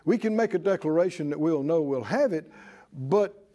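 High voiced preacher guy, lively, gets the church to answer him back. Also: normal speed. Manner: animated, mimics worried voices, asks congregation to respond. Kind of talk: sermon.

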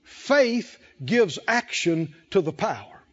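High-voiced man preaching a sermon. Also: big pitch swings, fairly bright tone, lo-fi sound. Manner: call-and-response preaching, rising and falling emphasis, drawn-out phrases.

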